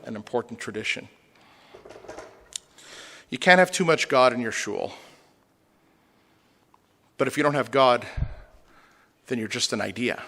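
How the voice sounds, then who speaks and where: A man's voice: mid-range voice, sharp tone. A man, a rabbi, lecturing a congregation with humor and rhetorical questions. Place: synagogue hall. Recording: long hall reverb.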